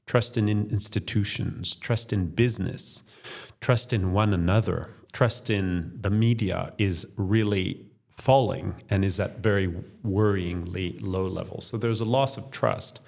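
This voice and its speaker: A man with a gravelly, creaky voice gives structured interview answers, walking through his points one by one. His voice sits a little low. He speaks as the head of a think tank. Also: unhurried, a little mellow. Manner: structured, explanatory, lists points in order. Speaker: think tank chief executive, podcast guest.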